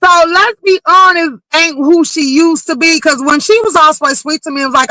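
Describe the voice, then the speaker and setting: A woman hosting a casual livestream gossip commentary. She talks in an animated, blunt and profane way and keeps reacting to her chat. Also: very high voice, moderate pace, hardly any pauses, dry recording, rough recording.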